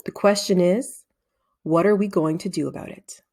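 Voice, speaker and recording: A woman reading aloud, voicing a serious deputy headmistress who speaks earnestly and deliberately to her staff. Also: on the low side, darkish tone. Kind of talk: storybook read-aloud.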